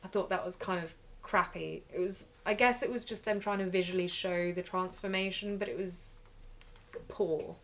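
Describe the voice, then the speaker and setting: A woman's voice: on the low side, fairly even intonation, moderate pace, fairly bright tone. A woman co-hosting a casual film review chat, critical and questioning. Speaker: podcast co-host.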